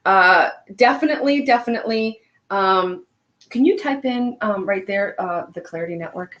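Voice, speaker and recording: A woman's voice: a little high, expressive, measured pace, a bit bright, dull audio. A young woman hosting a casual live stream, chatty and upbeat, with plenty of fillers. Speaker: host.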